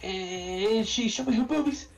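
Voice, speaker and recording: A man doing an impression of a dim, earnest young man, talking in a high, whiny, halting voice. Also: dull audio, faint music behind. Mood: bashful.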